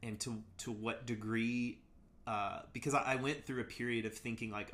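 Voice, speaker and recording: A man in casual conversation, working through a personal story out loud, pitched right in the middle for a man. He hesitates a lot, leaning on "like" and "you know", restarting phrases and letting them trail off. The delivery is candid and unscripted. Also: fairly even intonation, moderate pace. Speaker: interview guest.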